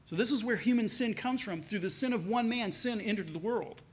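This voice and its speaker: A man with a notably high-pitched voice delivers a sermon in a relaxed, conversational manner. He slips into lower tones when he acts out the people he quotes. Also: brisk, slightly rough. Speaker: pastor.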